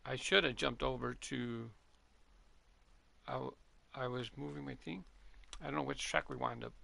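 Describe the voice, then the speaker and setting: A man's voice: mid-range voice, fairly even intonation, moderate pace, creaky, sharp tone. A middle-aged man from Southern California, chatting casually and rambling as he comments on his own gameplay. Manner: chatty, rambling, self-correcting. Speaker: gaming channel host.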